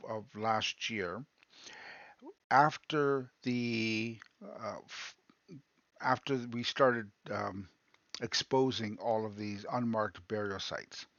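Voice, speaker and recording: Man, livestream host, casual chat, hesitant restarts, mid-pitched voice, dull dry audio. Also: fairly bright tone, no room sound. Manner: halting, many ums and restarts. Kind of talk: casual talk to a live chat.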